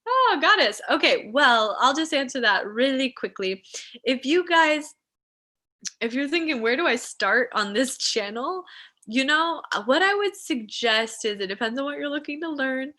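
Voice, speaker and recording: A woman hosting a live-streamed meditation ceremony, speaking softly and slowly in devotional blessings and chatting to viewers. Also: sits high, lively intonation. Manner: soft, slow and devotional when blessing. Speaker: spiritual teacher and ceremony host.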